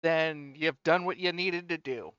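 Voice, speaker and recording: A man's voice: a little high, measured pace, fairly bright tone, clean tone, no echo. Blunt man playing at a game table. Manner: blunt, argumentative, pushes to the point. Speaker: player. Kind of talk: casual tabletop game chat and in-character negotiation. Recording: dull lo-fi mic.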